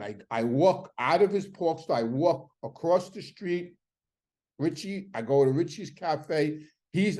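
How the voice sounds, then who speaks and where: Animated New man telling a story. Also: fairly high pitch. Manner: animated, acts out quoted arguments loudly. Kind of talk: casual storytelling.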